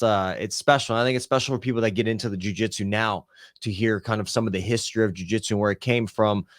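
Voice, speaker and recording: A man's voice: mid-range voice, no echo, clean studio sound. A man co-hosting a podcast in a casual, friendly way, often restarting his sentences. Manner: friendly, rambling, halting restarts. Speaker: podcast co-host. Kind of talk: casual chat.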